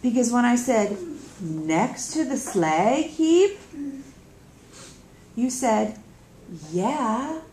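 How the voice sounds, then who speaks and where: A woman's voice: fairly high pitch, animated, drawn-out words, long pauses, dark tone, slight background noise, pitched above the performer's own voice. Woman reads as defiant teen girl, exasperated, roomy echo. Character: defiant teenage girl, sharp-tongued and exasperated. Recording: echoey room.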